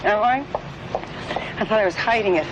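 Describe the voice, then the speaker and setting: A woman's voice: medium pitch, normal speed, close to an everyday voice. An actress playing a nervous but chatty young woman who reassures others and jokes about herself. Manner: chatty, reassuring, self-deprecating. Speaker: lead character, a new hire nervous about being recognized. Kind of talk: 1980s TV film acting. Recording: noisy old TV film audio.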